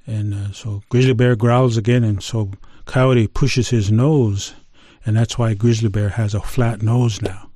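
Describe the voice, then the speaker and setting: Low mellow man telling a traditional tale. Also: fairly even intonation, no room sound, studio quality. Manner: unhurried, conversational, with many fillers and restarts. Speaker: storyteller. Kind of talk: oral storytelling of a traditional tale.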